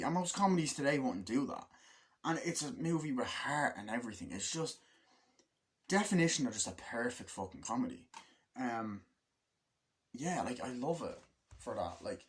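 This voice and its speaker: A man talks through a film he loves in a loose, rambling review. He gets excitable, leans on "like" constantly and swears freely, in a voice of ordinary middle pitch. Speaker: movie reviewer. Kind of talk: casual movie review.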